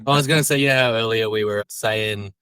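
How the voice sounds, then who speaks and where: A man's voice: fairly low pitch, quick pace, sharp tone, clear, resonant tone, dry recording. A man co-hosting a comedy podcast, playfully spinning theories in casual chat. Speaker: podcast co-host.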